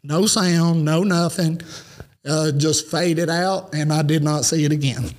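A man's voice: on the high side, steady tone, a little slow. Earnest man telling a tale. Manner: rambling, earnest, lots of "you know" fillers. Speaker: podcast guest. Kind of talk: casual storytelling.

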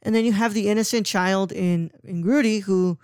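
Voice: mid-range voice, fairly even intonation, moderate pace, darkish tone, clear, resonant tone, no echo, clean studio sound. A podcaster chatting about a film, rambling and often stopping to search for words. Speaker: podcast co-host. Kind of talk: casual podcast film chat.

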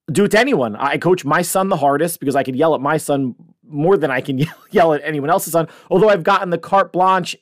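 Blunt, animated man ranting. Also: fairly high pitch, no room sound, studio quality. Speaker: podcast host. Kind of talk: casual monologue.

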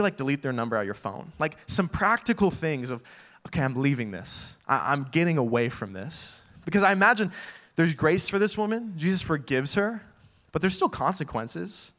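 A man's voice: high voice, expressive, fairly quick, a bit bright. Casual young man preaching. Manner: casual, filler-heavy preaching with acted-out quotes. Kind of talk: sermon.

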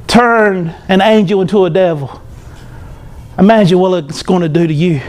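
A male pastor preaching a sermon, animated, acting out the voices of proud people. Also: sits high, normal speed.

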